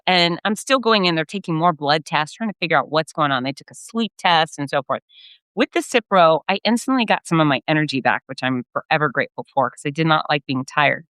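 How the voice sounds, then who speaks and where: A middle-aged woman hosting her own fitness podcast, telling a personal story in a candid, animated way with some blunt swearing. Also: low-pitched, clear, resonant tone, dry recording. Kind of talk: casual solo storytelling.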